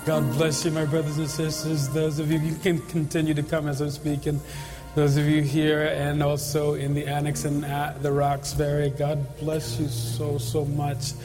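In a large church sanctuary, a middle-aged male pastor gives an altar call and leads prayer, earnest and pleading, repeating phrases often. His voice is a little high and monotone at a moderate pace over music. The hall is reverberant with faint ambience.

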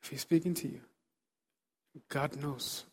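In a large church auditorium, a man preaches an altar-call sermon, pleading and repeating short exhortations as he builds from soft urging to loud fervor. His voice is medium-pitched, steady, unhurried, and slightly rough.

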